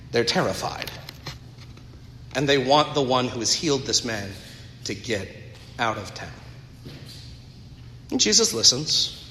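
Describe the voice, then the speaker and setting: Earnestly retelling a story, a pastor delivers his sermon with conversational asides to the congregation. His voice is a little high and fairly bright, and long reverb from the echoey hall trails it.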